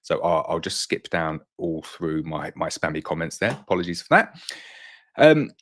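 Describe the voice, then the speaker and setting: Deep-voiced British man chatting on a live stream. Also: sing-song, moderate pace, a bit bright, a little hiss or hum. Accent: British English. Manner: chatty, repeats words while thinking aloud. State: slightly out of breath. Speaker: beekeeper hosting a live Q&A stream. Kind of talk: casual live-stream chat.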